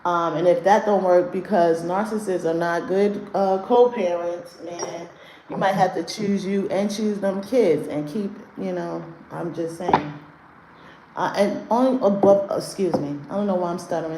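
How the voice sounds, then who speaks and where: A woman's voice: mid-range voice, moderate pace, a little mellow. Blunt, profane woman ranting on a livestream. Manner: blunt, profane, rants at chat. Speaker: livestream host doing card readings. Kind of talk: casual livestream chat. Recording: roomy echo, faint noise.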